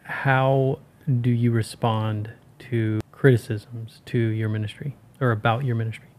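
An interviewer who asks questions in a dry, deadpan way. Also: mid-range voice, a little slow.

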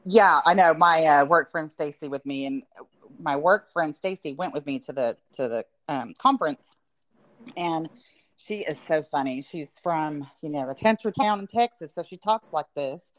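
A woman co-hosts a casual podcast chat in a somewhat low voice. She rambles along, circling her thoughts and filling the gaps with "um" and "you know.". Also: normal speed, fairly bright tone. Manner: rambling with many fillers. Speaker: podcast co-host.

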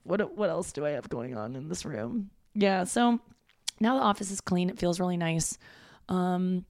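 A woman's voice: fairly low pitch, lively intonation, moderate pace, no room sound, clean studio sound. A woman stand-up comic hosting her own podcast, talking casually at home in a rambling, self-mocking way with frequent swearing. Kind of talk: casual solo podcast monologue. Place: room in her parents' home.

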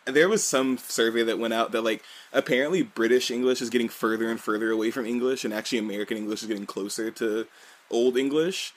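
A man's voice: mid-range voice, fast. A man co-hosting a podcast in casual chat, swearing freely and acting out quoted people. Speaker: podcast co-host.

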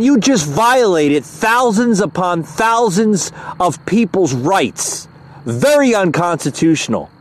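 A man's voice: high-pitched, fairly bright tone. A man hosting a political commentary podcast, talking in an angry, aggravated way with many hesitant fillers. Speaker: podcast host.

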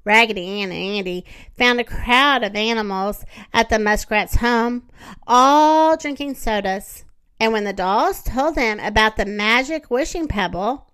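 A woman reading a children's story aloud, gentle and expressive. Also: fairly high pitch.

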